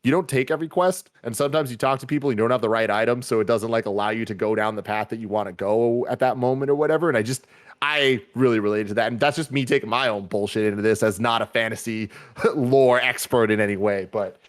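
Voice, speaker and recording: A man's voice: mid-range voice, fast talker. A man co-hosting a casual movie review podcast, rambling with many fillers and restarts. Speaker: podcast co-host.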